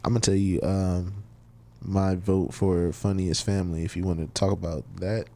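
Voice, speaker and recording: A man's voice: deep voice, flat delivery, moderate pace, mellow. A man co-hosting a podcast in casual chat, giving firm, emphatic opinions. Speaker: podcast co-host.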